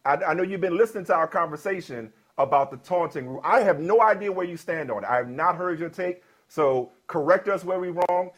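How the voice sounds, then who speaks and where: Playful sports radio host man. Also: a little high. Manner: playful, teasing, quick interjections.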